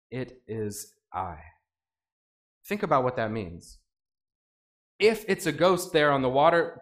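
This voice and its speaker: A man preaching a sermon in an animated way, acting out the voices he quotes. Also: medium pitch. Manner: animated, acts out quoted voices with rising intensity. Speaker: pastor.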